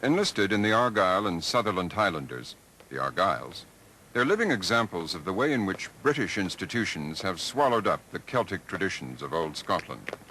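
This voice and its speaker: A man narrates a documentary in a low, bright-edged voice that rises and falls freely. His delivery is measured and deliberate, every phrase carefully placed. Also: very animated, a little hiss or hum, rough recording.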